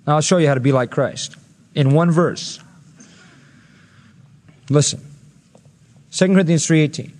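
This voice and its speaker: A man's voice: on the high side, moderate pace, pauses often, darkish tone, long reverb tail. A male pastor preaching an expository sermon, earnest and rising to emphatic peaks when quoting scripture.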